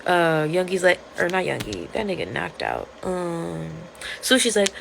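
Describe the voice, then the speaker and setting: Woman vlogger ranting about a comic, excited, swears a lot, some vocal fry, faint hiss behind. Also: lowish voice, normal speed. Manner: excitable and profane, storytelling with gasps and outbursts. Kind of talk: casual rant retelling a webcomic.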